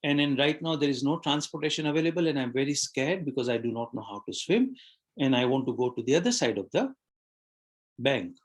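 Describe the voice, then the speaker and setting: A frightened woman stranded by a river pleads in a low, soft, hurried voice, as a man telling a fable puts her on. Her tone sits well under the teller's own pitch and comes out quieter. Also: animated, close to an everyday voice. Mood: scared.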